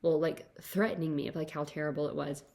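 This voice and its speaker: A woman's voice: low voice, steady tone, fast, vocal fry, a little mellow. A young adult woman hosting a podcast, telling a casual story and filling nearly every phrase with "like.". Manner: chatty, fills every phrase with "like". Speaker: podcast host.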